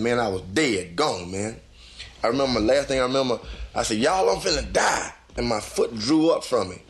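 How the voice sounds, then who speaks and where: A man giving a live spoken testimony in folksy, loose conversational phrasing, acting out his own inner voice by going higher and louder.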